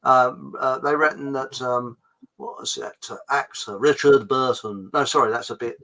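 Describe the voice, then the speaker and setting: Bright-voiced rambling man. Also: medium pitch, normal speed, low-quality recording. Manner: rambling, hesitant, full of ums and restarts. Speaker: host. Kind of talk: casual livestream chat.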